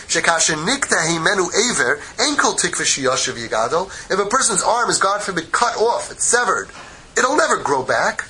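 Bright, animated man teaching Torah. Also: a little high, slight background noise, rough recording. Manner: animated, joking, mixes Hebrew quotes with English. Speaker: rabbi teaching a class. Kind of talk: Torah lesson.

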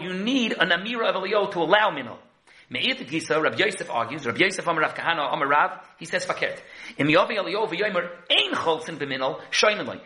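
A man teaching a Talmud lesson, quickly switching between chanted quotes and explanation. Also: high-pitched, poor audio. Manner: quick, lively chanting between Hebrew-Aramaic quotes and English. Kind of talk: Talmud lecture.

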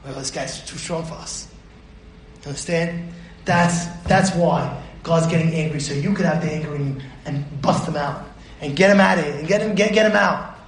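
A man's voice: fairly high pitch, normal speed, a little hiss or hum. A man, a rabbi, giving an emphatic Torah class lecture, repeating his points and putting questions to his listeners. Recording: roomy echo.

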